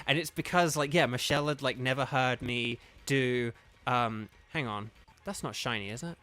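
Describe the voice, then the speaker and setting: A man's voice: medium pitch, normal speed, bright, forceful tone. Man, English accent, casual livestream chat, rambling, lots of fillers, voice actor. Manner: rambling, many fillers and restarts. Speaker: streamer and voice actor.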